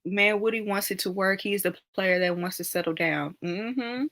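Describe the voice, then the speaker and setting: Bright-voiced chatty woman host. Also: medium pitch, moderate pace. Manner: chatty, laughs often, reacts to comments aloud. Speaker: live stream host. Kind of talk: casual live chat reading viewer comments.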